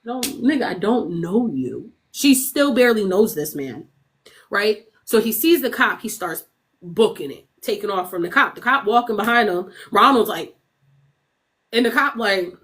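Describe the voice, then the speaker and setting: A young adult woman livestreaming, telling a story casually to her chat, animated and profane, laughing often and acting out what others said. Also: mid-range voice, moderate pace.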